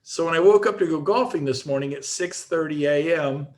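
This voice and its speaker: A middle-aged man giving an energetic motivational talk as a guest speaker, telling stories with frequent restarts. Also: a little high, fairly quick. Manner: energetic storytelling with repeated restarts.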